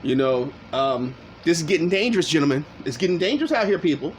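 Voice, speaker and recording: A man's voice: a little high, lively intonation, quick pace, a little hiss or hum. A man hosting a reaction commentary, cursing and heated as he interrupts a clip. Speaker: commentary channel host.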